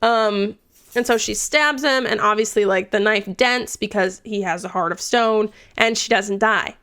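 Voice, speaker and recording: A woman's voice: mid-range voice, a little slow, a bit bright, smooth. A young woman recapping a book in a chatty, casual way, swearing freely and dropping into whispered asides. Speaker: book reviewer.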